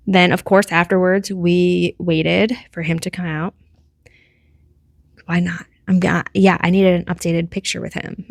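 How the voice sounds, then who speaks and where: A woman's voice: fairly low pitch, no echo, studio quality. A woman in her thirties hosting her own podcast in a casual, rambling chat, filling her talk with "like". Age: 30s. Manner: chatty and rambling, heavy use of "like". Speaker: podcast host.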